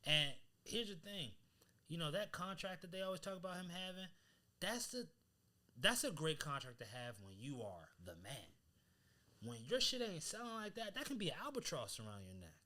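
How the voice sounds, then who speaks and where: A man co-hosting a podcast in casual chat, talking in an animated, emphatic way full of slang. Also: high-pitched, moderate pace. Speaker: podcast co-host.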